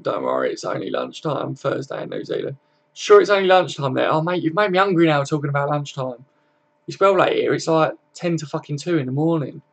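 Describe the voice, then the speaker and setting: Gravelly man hosting a late-night fan stream. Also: on the high side, big pitch swings, fairly quick. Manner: laid-back, swears freely, chuckles often. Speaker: football fan live-stream host. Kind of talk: casual live-stream chat, reading comments aloud.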